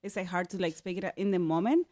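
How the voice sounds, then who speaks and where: A woman guest on a casual faith podcast chat, speaking haltingly with lots of filler words. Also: on the low side, warm tone.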